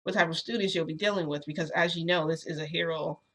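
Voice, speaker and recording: Chatty male school principal, jovial, insistent, bright voice, told by a woman. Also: low-pitched, steady tone, quick pace.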